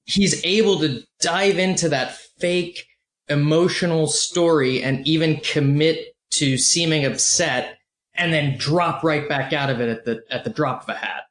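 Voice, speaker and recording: A man hosting a podcast, talking through a film in a measured, analytical way. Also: fairly high pitch, a bit bright. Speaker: podcast host. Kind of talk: casual film discussion. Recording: roomy echo.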